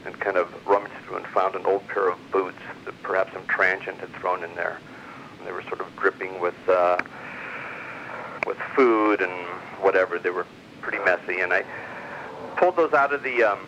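A man's voice: low-pitched, sharp tone. Muffled man telling a rambling story. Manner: rambling, many fillers and restarts. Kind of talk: casual storytelling. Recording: muffled lo-fi recording, faint hiss.

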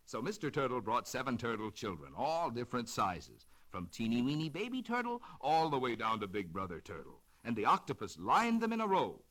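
Animated man reading a children's story. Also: mid-range voice, a little fast, hardly any pauses.

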